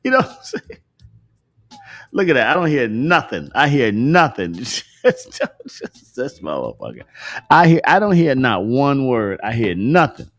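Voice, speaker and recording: A man's voice: mid-range voice, huge pitch swings, unhurried, fairly bright tone. Joking guy hosting a morning stream, cusses, laughs a lot, voice all over the place. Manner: joking, laughs often, profane slang. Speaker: host. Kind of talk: casual livestream chat.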